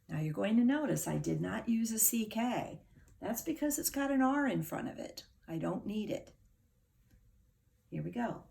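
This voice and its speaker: A middle-aged woman teaching a phonics lesson to young children, sounding out words slowly and patiently. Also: mid-range voice, gravelly, a little mellow. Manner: slow, patient, over-articulated sounding out.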